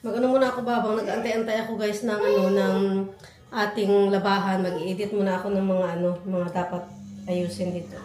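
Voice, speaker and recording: A woman's voice: medium pitch, little pitch movement, quick pace, darkish tone, faint music behind. A mother from the Philippines with an Ilonggo Filipino accent, vlogging at home at night while coaxing her son to read his book, mixing languages. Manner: code-switches, coaxing and upbeat with her child.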